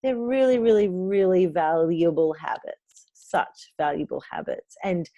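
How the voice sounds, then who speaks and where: A woman's voice: fairly low pitch, animated, unhurried, warm tone, no echo, highs cut off. A woman in her thirties co-hosting a podcast, talking in an enthusiastic, effusive casual chat. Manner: enthusiastic, effusive, restarts words. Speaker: podcast co-host.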